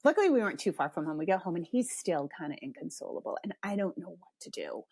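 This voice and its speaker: Middle-aged woman telling a story on her podcast, animated, drops into whispers, dead dry sound. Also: fairly low pitch, quick pace, vocal fry, slightly rough, dry recording. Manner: frank, swears freely. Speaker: podcast host. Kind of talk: casual storytelling.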